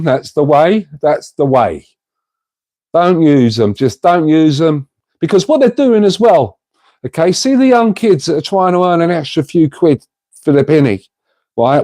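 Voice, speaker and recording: Chatty man with a mellow voice. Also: on the high side, dry recording. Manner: rambling, chatty, addresses viewers as mate. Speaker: livestream host reading chat. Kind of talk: casual livestream chat.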